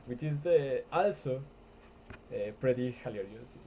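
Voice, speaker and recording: A man casually retelling a film scene, halting often with fillers and restarts. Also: mid-range voice, sing-song, mellow, a little hiss or hum, rough recording. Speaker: storyteller.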